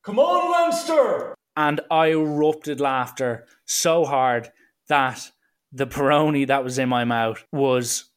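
A man's voice: mid-range voice, clear, resonant tone. Chatty male podcaster, loose and rambling in his anecdotes. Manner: rambling and chatty, with fillers and slang. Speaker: solo podcast host. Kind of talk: casual storytelling monologue.

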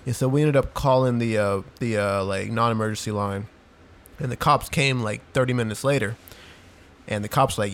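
A man's voice: mid-range voice, normal speed. A young man chatting casually on a podcast, telling a long story full of "like" and "dude". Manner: rambling storyteller, heavy use of "like" and "dude". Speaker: podcast co-host. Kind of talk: casual chat.

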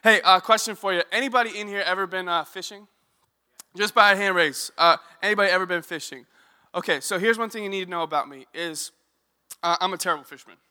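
A young man giving a sermon, telling a lively personal story and asking the audience questions. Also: high-pitched, fast talker, clear, resonant tone. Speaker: youth ministry director. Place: church hall. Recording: reverberant hall.

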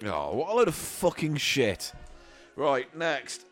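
A man's voice: mid-range voice, sing-song, slow. A man co-hosting a rowdy comedy podcast, rambling and mock-grumpy, often giggling. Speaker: podcast co-host. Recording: faint music behind.

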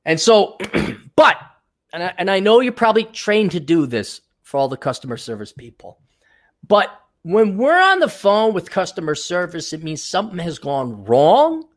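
Profane, animated male podcast host. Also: high voice, normal speed. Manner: profane, exasperated, sarcastic. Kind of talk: ranting monologue.

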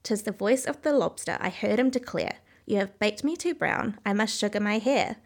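A woman's voice: mid-range voice, moderate pace, close to an everyday voice. Woman reading as the timid young girl Alice. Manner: timid, uncertain. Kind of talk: storybook reading.

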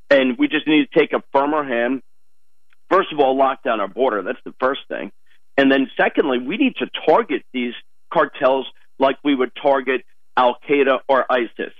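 A man giving commentary as a guest on a talk radio show, speaking firmly and forcefully. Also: on the high side, no echo. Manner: firm, forceful. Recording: dull lo-fi line.

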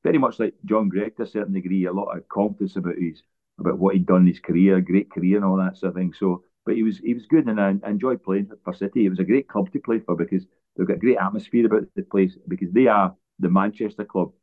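Low-voiced Scottish man on a tinny line. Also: fairly even intonation, fast talker. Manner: rambling anecdotes with frequent restarts. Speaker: interview guest, former footballer. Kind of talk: relaxed storytelling interview.

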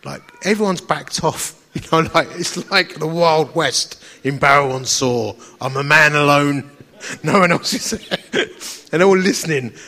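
A man, an evangelist telling a funny story to an audience in a lively, self-mocking way and acting out the dialogue. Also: a little high, measured pace, long reverb tail.

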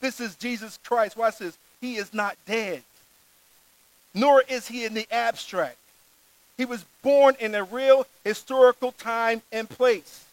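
A man's voice: very high voice, steady tone, unhurried, no room sound, poor audio. A man preaching a sermon, reading scripture aloud and stressing key words in an earnest preaching manner.

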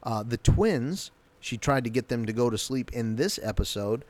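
A man talks through an episode in a loose, rambling way, often backing up to correct himself. His pitch sits in the middle range, and his delivery stays conversational and unscripted. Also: animated, moderate pace, a little mellow. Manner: rambling, self-correcting, acts out quotes. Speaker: TV episode recapper. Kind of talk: casual spoken recap.

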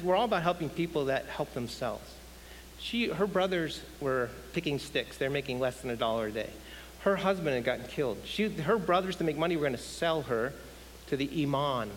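Animated male preacher in a reverberant hall. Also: a little high. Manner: animated, asks the audience questions. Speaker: guest speaker. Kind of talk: sermon. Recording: hissy hall with long reverb.

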